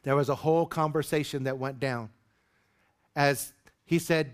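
A man's voice: steady tone, moderate pace, smooth. Impassioned male pastor preaching. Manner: conversational, building to high emphatic peaks. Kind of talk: sermon.

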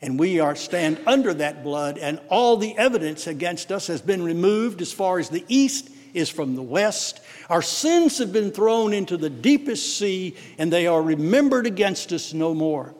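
A man with a Texan accent preaching a sermon as pastor, swelling emphatically on key words and dropping into quick asides. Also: high voice, lively intonation, a little mellow. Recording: long hall reverb.

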